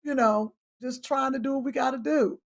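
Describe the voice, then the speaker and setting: A woman co-hosting a comedy talk show, loud and teasing in playful banter. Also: sits high, fairly even intonation, moderate pace, vocal fry, a crowd in the background. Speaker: podcast co-host.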